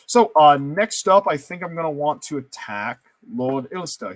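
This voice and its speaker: A man's voice: on the high side, lively intonation, moderate pace, few pauses, no room sound. A man giving casual let's-play commentary, thinking aloud and joking at his own expense as he makes choices in a strategy game. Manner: thinking aloud, self-mocking, playful. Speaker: gameplay streamer.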